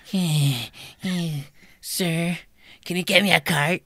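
Man putting on a shrill entitled woman. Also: steady tone, slow, a bit bright, no echo, studio quality, full character voice. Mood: shrill demanding. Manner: high shrieking nagging imitation. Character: shrill entitled middle-aged woman demanding a cart.

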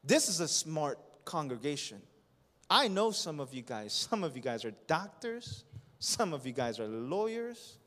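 A pastor in his thirties preaching a sermon to his congregation, impassioned and building to loud emphasis. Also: sits high. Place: church sanctuary. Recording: long reverb of a church hall.

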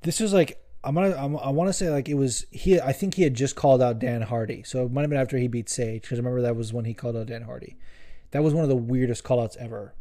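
A man hosting a solo podcast, chatting loosely and cursing freely as he circles back to correct himself. His tone is soft and mellow at a middle pitch. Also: fairly even intonation, fast talker. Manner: profane, rambling, self-correcting. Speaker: podcast host. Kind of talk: casual solo podcast chat.

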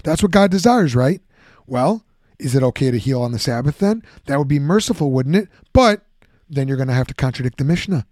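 A man giving a lively, conversational Bible teaching, often acting out the objections he answers. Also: medium pitch, brisk, dry recording, clean studio sound. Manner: animated, conversational, acts out objections.

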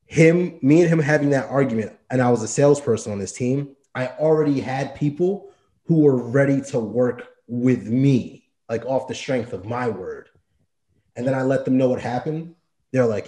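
A man's voice: mid-range voice, fairly quick, mellow, reverberant. A young man telling his own story in casual, slangy talk, often acting out what others said.

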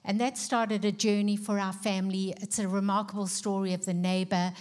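A woman's voice: mid-range voice, flat delivery, brisk, darkish tone. Middle-aged South African woman telling a story. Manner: earnest storytelling with frequent ums. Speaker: guest speaker and author. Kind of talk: personal testimony in a church service. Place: church.

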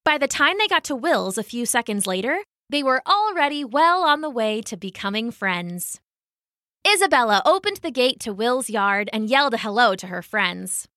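A woman reads a children's story aloud in a bright, clear voice that moves up and down with lots of life. Her delivery is expressive and storyteller-like, and the recording is close and dry. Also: fairly high pitch, normal speed, no room sound. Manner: warm, expressive read-aloud.

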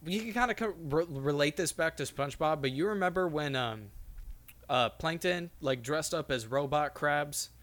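A man's voice: fairly high pitch, normal speed, fairly bright tone. A young man co-hosting a casual chat, rambling with lots of fillers and casual swearing.

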